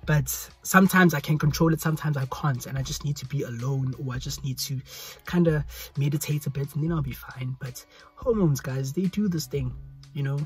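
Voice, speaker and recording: Filming himself on his phone in a hot room, this young man with a South African accent talks briskly in a higher-pitched voice. He rambles casually, repeats his pleas, and soft music runs in the background.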